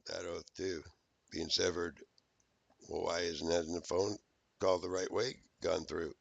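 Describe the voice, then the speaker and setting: A man's voice: low-pitched, little pitch movement, unhurried, gravelly, dull audio, slight background noise. A man in a rambling, profane, accusatory recorded rant.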